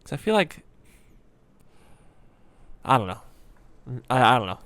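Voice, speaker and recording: A man chatting casually as he reacts to a video, thinking out loud with plenty of ums and half-finished thoughts. His voice sits at an ordinary middle pitch. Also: sing-song, a little slow, crowd noise. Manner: rambling, musing aloud with frequent ums.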